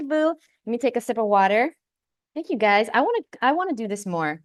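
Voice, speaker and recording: A woman's voice: fairly high pitch, lively intonation, quick pace. A woman hosting a casual livestream, talking brashly and playfully with plenty of swearing and chatting directly with her viewers on a close microphone. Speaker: livestream host.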